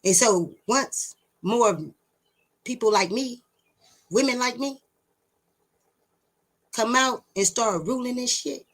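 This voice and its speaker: A woman calling herself a teacher lectures her audience to camera in a blunt, emphatic, preachy way, swearing, repeating words for weight, and goading them with rhetorical questions. She speaks slowly with frequent pauses, in a somewhat high, slightly bright voice.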